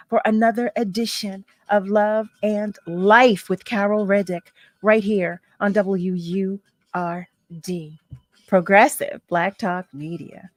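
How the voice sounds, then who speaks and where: A woman's voice: medium pitch, dry recording, clean studio sound. A woman hosting a radio talk show, effusive and emotional, often laughing and repeating her thanks.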